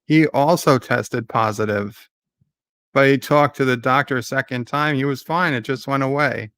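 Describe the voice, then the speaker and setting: A man giving live commentary on a debate. He paraphrases the speakers, reads out viewer chat and gets excitable at times. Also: medium pitch, moderate pace, no echo.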